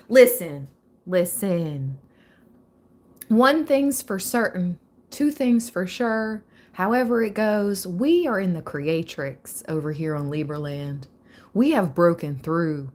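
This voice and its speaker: A young woman hosting a live tarot reading, chatting casually and excitedly with frequent laughter. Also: lowish voice, slow.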